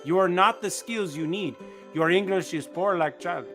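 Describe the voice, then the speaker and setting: A man's voice: sits high, normal speed, a bit bright, faint music behind. A man putting on a mock Russian accent to play a boastful middle-aged immigrant speaking broken English.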